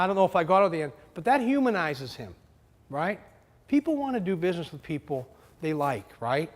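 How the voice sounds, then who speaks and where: A man presenting a marketing workshop to a live audience, energetic and often checking in with questions. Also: fairly high pitch. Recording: long hall reverb.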